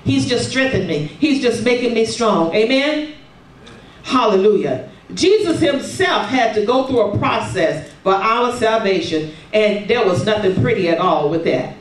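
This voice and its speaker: A woman preaching a sermon, calling for responses and filling her pauses with hallelujahs and amens. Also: mid-range voice, animated. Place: church sanctuary. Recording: roomy, distant sound from across a sanctuary.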